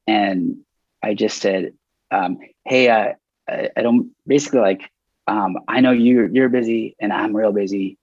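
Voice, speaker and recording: A man's voice: fairly low pitch, husky, no room sound, muffled recording. A man who calls himself a bit nervous, telling a story in a casual interview with lots of restarts and acted-out dialogue. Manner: self-described nervous, halting with many restarts; animated, acts out quoted dialogue.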